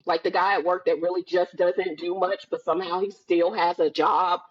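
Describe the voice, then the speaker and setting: A woman guest on a podcast, chatting casually and telling lively stories, acting out the voices of the people she quotes. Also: on the low side, normal speed, lo-fi sound, slight background noise. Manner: animated storytelling, acts out quoted voices. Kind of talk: casual chat. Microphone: video call.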